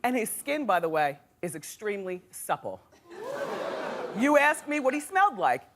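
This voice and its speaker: Lively, chatty woman talk show host. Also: medium pitch, normal speed. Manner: chatty, dramatic storytelling with laughs. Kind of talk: daytime talk show gossip segment. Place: TV studio with live audience. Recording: studio audience noise and crowd.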